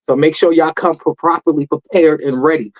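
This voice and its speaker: A man hosting a podcast, signing off in a hyped, slangy way and reeling off shout-outs. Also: fairly high pitch, steady tone, a little fast, lo-fi sound. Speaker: podcast host. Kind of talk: casual podcast sign-off.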